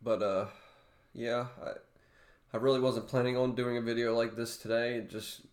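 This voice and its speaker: Man, emotional vlog, halting restarts, close to tears, roomy echo. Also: medium pitch, flat delivery. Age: adult father. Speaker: vlogger.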